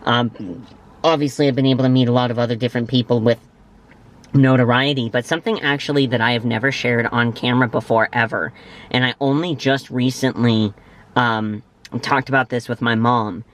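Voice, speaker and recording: A man's voice: medium pitch, steady tone, fairly quick, fairly bright tone. Enthusiastic male vlogger telling stories. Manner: enthusiastic, effusive, heavy on praise words. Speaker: vlog host. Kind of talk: casual storytelling to camera.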